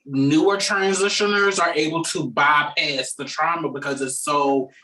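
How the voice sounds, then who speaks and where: A woman's voice: low voice, fairly even intonation, unhurried, pushed and bright, poor audio. A woman in casual conversation, speaking bluntly and outspokenly.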